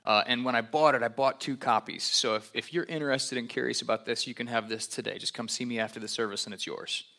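A man, a pastor, giving a relaxed, conversational sermon with frequent fillers and asides. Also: medium pitch, fast, vocal fry.

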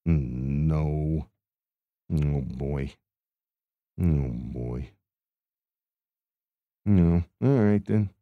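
A man's voice: rumbling low, drawn-out words, vocal fry, pauses often, no echo, narrow, tinny audio, full character voice. A man playing a hapless, grumbling carnival cotton candy vendor in an improvised character monologue, mumbling and stammering with groaning sighs.

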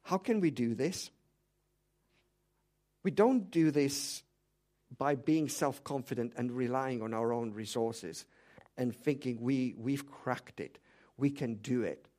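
A man's voice: medium pitch, slow pace, pauses often, a little mellow. A man preaching a sermon, emphatic and direct, firing rhetorical questions at the congregation. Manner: direct, speaks to the congregation as "you".

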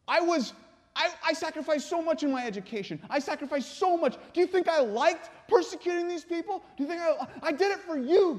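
Man doing a desperate blinded young man, strained pleading voice, very high, hall reverb. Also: a little mellow.

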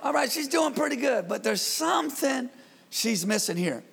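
A man preaching as pastor in his church, in a lively, conversational style with call-and-response to the congregation. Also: extremely high pitch, moderate pace, creaky, breathy edge, in a large hall. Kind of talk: sermon.

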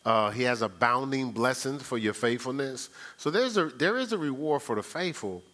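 A man's voice: mid-range voice, lively intonation, normal speed, pushed and bright. A male pastor preaching a sermon, playful and teasing with his congregation.

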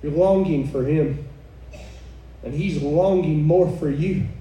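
A woman with a low voice and dark tone preaches slowly to a live audience, fervent and exclaiming, with chuckling asides. The mic is far off in an echoey room, with faint noise.

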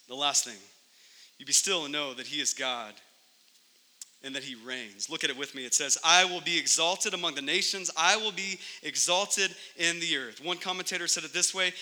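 A man with a slightly high, very bright voice preaches to his church, punching key words loudly and then dropping to a hush. His voice rings out in a large hall with a long reverb. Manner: emphatic preaching, swings between loud peaks and soft drops. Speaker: pastor. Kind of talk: sermon.

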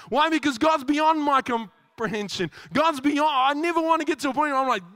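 A man preaches with a strikingly high, crisp-edged voice. He acts out little bits of dialogue and often restarts his lines. The sound is close and dry, without room echo. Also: brisk, hardly any pauses. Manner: animated, acts out quoted dialogue with repeated restarts. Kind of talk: sermon.

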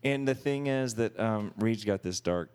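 A man in his forties in a casual chat, talking in halting starts with many stammered restarts. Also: fairly low pitch, darkish tone, clear, resonant tone. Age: 40s.

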